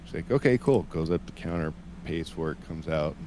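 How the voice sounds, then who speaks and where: Forties male co-host, deep and unhurried, dry humor, light background hiss. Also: completely flat delivery, a little mellow. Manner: laid-back, reminiscing, dry humor. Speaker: stream co-host. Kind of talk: casual chat.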